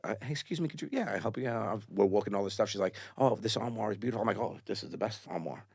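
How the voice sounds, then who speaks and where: A man's voice: on the low side, racing, gravelly, breathy edge, no echo, clean studio sound. A man, a comedian guest on a podcast, telling stories in casual chat and acting out the voices of people in them. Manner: animated storyteller acting out quoted dialogue. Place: podcast studio. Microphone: studio mic.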